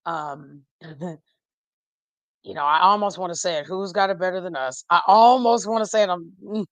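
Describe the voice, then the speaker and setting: A lowish-voiced woman, talking football in a loose, rambling way. She laughs often and drifts off mid-sentence. Her voice sits close and dry, with no room sound around it. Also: normal speed, dry recording. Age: 40s. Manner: chatty and animated, laughs often, trails off. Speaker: podcast guest. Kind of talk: casual fan chat.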